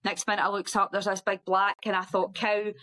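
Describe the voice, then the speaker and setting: A middle-aged woman, a guest on a podcast, telling a story in a lively, animated way and acting out other people's voices. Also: a little fast, rough recording. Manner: lively, acts out quoted voices in a high sing-song. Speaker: guest ultra runner.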